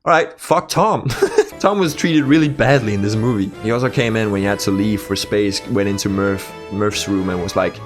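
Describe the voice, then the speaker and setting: A man's voice: fairly low pitch, moderate pace, faint music behind. Blunt, profane young man reviewing movies. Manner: blunt and profane, with sarcastic asides. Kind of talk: casual spoken movie review.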